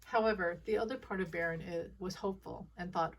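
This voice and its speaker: A woman with a fairly low voice talks through intuitive readings in casual commentary. She rambles and breaks off mid-word to restart. She laughs often as she goes. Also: normal speed, few pauses, fairly bright tone, recorded from a distance. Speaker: intuitive reader.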